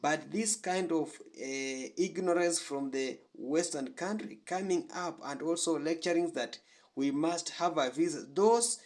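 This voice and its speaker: A man's voice: fairly high pitch, unhurried, a little mellow. A man hosting a reaction channel, giving earnest commentary from Africa with frequent hesitations and fillers.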